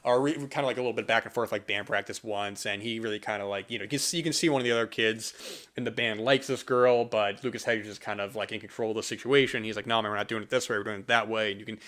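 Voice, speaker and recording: A man's voice: lowish voice, fast talker, a bit bright. A young man hosting a podcast, talking casually about a film in a rambling way, with lots of fillers and restarts. He is from the US East Coast. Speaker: podcast host. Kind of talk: casual film review monologue.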